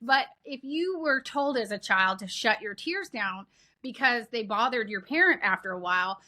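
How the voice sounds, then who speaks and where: A woman explaining child development in a conversational interview, earnest and animated, acting out what parents say. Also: on the high side, moderate pace.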